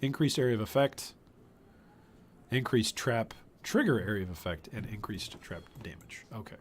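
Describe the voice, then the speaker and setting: A man's voice: lowish voice, expressive, moderate pace, a little hiss or hum. A man giving casual live-stream commentary while he plays, thinking aloud and trailing off, his voice wearing thin. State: losing his voice. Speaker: gaming streamer.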